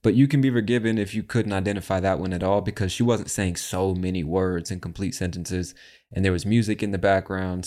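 A man's voice: low voice, darkish tone. A man hosting a podcast in a brash, chatty style, swearing freely. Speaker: podcast host. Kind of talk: casual podcast chat.

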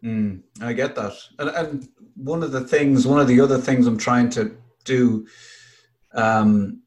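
A man's voice: medium pitch, measured pace, a little mellow. A man with an Irish accent hosting a podcast, asking questions in casual chat, often stumbling and restarting. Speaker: podcast host.

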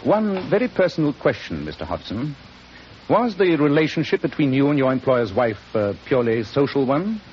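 An actor playing a shrewd, coolly sardonic male detective in a 1940s radio drama, speaking crisply. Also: mid-range voice, very animated, normal speed, lightly acted. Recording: dull old radio recording with hiss.

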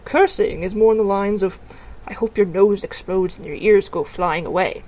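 A woman voicing a measured, skeptical grown witch who speaks slowly and diplomatically, a little dismissive. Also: mid-range voice, darkish tone, close to an everyday voice, poor audio.

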